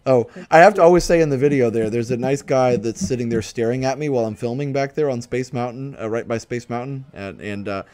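A man's voice: medium pitch, fast talker, few pauses, a little mellow, no room sound. A young man hosting a casual live stream chat, telling stories in a rambling way with lots of fillers and restarts. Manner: rambling, self-interrupting storyteller with frequent fillers. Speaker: livestream host.

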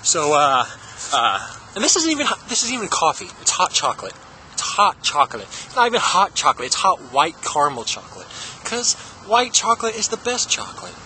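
Young guy, high animated voice, hyper goofball vlogger riffing on silly tangents. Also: brisk, a little hiss or hum. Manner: giggles often. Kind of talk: comedic impression vlog.

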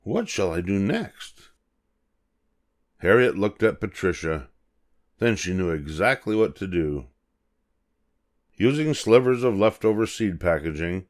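An older man, a grandfather, reading a children's book aloud in a measured, gentle way. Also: sits low. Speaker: storyteller.

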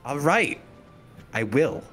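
A man's voice: fairly high pitch, very animated, takes it slowly, fairly bright tone, soft background music. A young man playing in a tabletop game, talking bluntly and swearing often. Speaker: player. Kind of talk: casual chat and in-character play.

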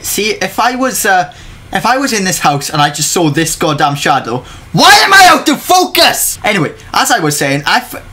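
A man commentating a let's play of a horror game, jumpy and excitable, swearing and yelping at scares. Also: high voice. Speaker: gaming YouTuber.

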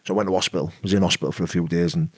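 This British man, whose son is eleven, tells a loose, casual personal story on a podcast at a very fast clip, often adding "you know what I mean." His voice is deep and husky with fairly even intonation, captured on a dry recording.

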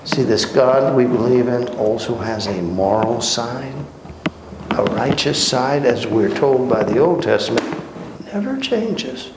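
A man teaching a Bible study, telling the stories with lively acted-out dialogue. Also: mid-range voice, a little slow. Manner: animated storytelling, acting out dialogue in voices. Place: church hall. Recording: echoey room with background noise.

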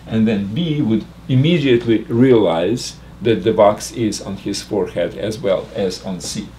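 An older man teaching math, working slowly through a logic puzzle aloud with frequent restarts. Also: on the low side, dark tone, slight background noise. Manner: halting, restarts and fillers while reasoning aloud. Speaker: math lecturer.

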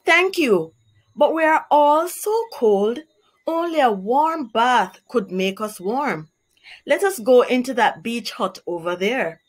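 A woman's voice: lively intonation, slow, breathy edge, heavily acted. Woman putting on Anansi, a bossy, sly spider trickster. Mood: sly coaxing. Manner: bossy, threatening, raised higher voice.

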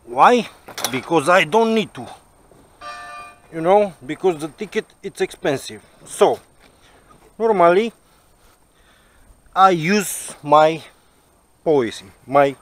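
A man's voice: a little high, animated, takes it slowly, long pauses. A man casually telling a personal story to viewers, rambling and swearing, with lots of "you know".

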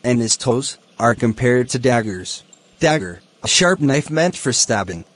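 Husky-voiced man explaining a poem slowly. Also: medium pitch, animated. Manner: slow, deliberate, glossing words one by one. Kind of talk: educational explanation.

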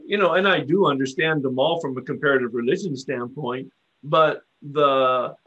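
A man facilitating a recovery workshop, teaching in an unhurried, reflective way and often affirming with a soft "yeah.". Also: a little high.

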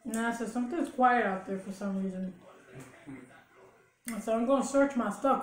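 Casting: woman mukbang vlogger, slightly high voice, chatty storyteller, recorded in a reverberant room. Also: normal speed, pauses often. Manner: chatty storytelling with laughs and chewing sounds. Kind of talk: casual chat while eating. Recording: echoey room.

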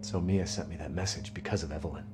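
A confused young husband in a horror game, asking tense questions in a low voice. Game music plays beneath him. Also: male voice, fairly even intonation, fast. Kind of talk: video game cutscene acting.

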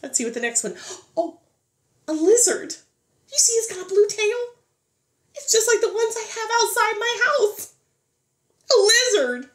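A woman leads a preschool phonics lesson in a high, bouncing voice. She talks slowly and encourages as she draws out each letter sound. Her voice carries in an echoey room. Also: fairly bright tone. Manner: sing-song, encouraging, drawn-out letter sounds. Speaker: preschool teacher.

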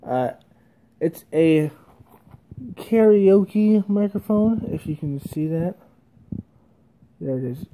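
A man's voice: fairly high pitch, lively intonation, slow pace, pauses often, dark tone. Rambling young man with a cheap mic. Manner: rambling and self-conscious, with frequent fillers and small laughs. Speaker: vlogger. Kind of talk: casual vlog, testing a microphone. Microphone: cheap karaoke microphone plugged into a cell phone.

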